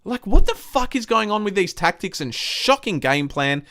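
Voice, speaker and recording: A man's voice: high-pitched, big pitch swings, a little slow, fairly bright tone, dry recording, studio quality. A young man hosting a live stream, reading viewer comments and ranting bluntly with lots of swearing. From Australia. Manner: blunt, swears a lot, frustrated.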